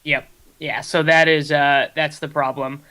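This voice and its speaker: Upbeat male co-host, bright ringing voice, fast analytical banter. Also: on the high side, flat delivery. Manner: quick, analytical, self-deprecating. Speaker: fantasy baseball show co-host. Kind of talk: casual sports chat.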